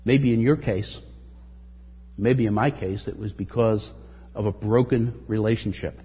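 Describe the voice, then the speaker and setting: Breathy husky guy preaching a sermon, kinda muffled, earnest, reads verses out big. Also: fairly low pitch, fairly even intonation, unhurried, in a large hall. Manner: earnest, reads scripture aloud with rising emphasis. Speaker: pastor.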